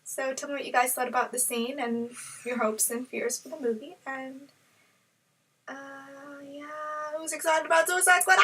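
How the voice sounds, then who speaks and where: Giggly young woman vlogger, bright voice. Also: high-pitched, fairly even intonation, moderate pace, recorded from a distance, low-quality recording. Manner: joking, giggly, playful. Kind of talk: casual chat.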